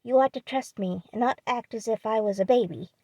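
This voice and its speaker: A woman's voice: on the high side, fairly quick, dark tone, no room sound, natural voice. A woman reading an audiobook, voicing a proud, hot-tempered young man who is sulking and indignant. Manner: indignant, defiant.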